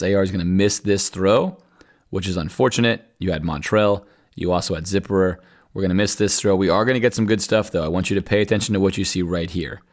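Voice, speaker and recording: A man hosting a podcast, talking viewers through football game film in a conversational, analytical way. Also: low-pitched. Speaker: podcast host.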